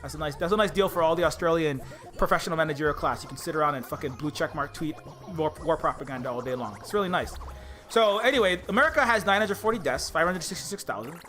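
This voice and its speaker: Male streamer, high and tense delivery, angry cursing rant full of stammered restarts. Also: expressive, fast, pushed and bright, faint music behind. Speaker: indie game developer streaming live. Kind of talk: heated political rant on a livestream.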